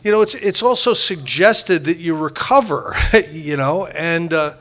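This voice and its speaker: A man's voice: on the high side, animated, measured pace, a bit bright. A man sharing his personal recovery story with a meeting group, rambling and self-deprecating, with frequent restarts.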